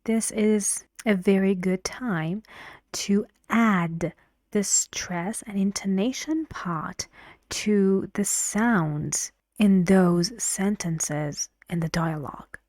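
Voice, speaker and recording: A woman teaching English pronunciation in an online lesson, explaining slowly and encouragingly, at times dropping to a half-whisper. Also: lowish voice, darkish tone, dry recording, clean studio sound.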